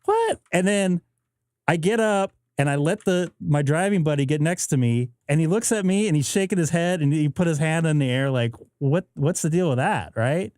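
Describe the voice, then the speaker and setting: A man's voice: on the high side, animated, normal speed, darkish tone, no room sound, clean studio sound. A man hosting a live stream, chatting casually and acting out both sides of a story. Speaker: host. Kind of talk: casual chat. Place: home radio shack.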